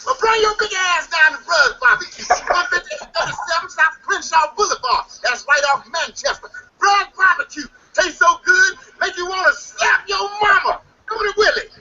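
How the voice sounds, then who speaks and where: A man voicing a loud male barbecue pitchman in a shouted, sing-song ad delivery. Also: lively intonation, normal speed, hardly any pauses, heavily acted. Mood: hollering. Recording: dull lo-fi recording.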